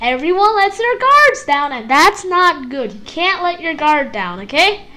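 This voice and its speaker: A high-pitched woman chatting through an anime episode review. She rambles in a loose, casual way and gets excitable. She throws in lots of "like"s and copies the fight sound effects.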